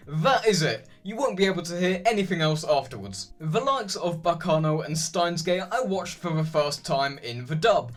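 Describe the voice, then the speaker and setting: A young man narrating a chatty, opinionated video essay. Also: high-pitched.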